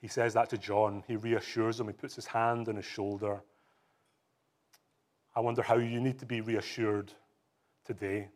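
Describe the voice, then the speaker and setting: A man's voice: fairly low pitch, flat delivery, normal speed, pauses often, darkish tone. A man preaching a sermon, talking earnestly and reading scripture aloud with rising emphasis.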